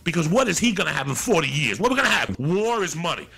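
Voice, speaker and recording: A middle-aged man, a stand-up comedian, telling loud, profane, rapid-fire stories in a rant. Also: fairly high pitch, sing-song, creaky, breathy edge.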